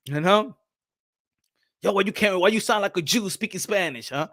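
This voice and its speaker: Animated, bright-voiced New man. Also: high-pitched, normal speed, pauses often, no room sound, clean studio sound. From New York City. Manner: animated, laughing, slangy, switching into Spanish. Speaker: boxing channel host. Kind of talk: casual live-stream chat.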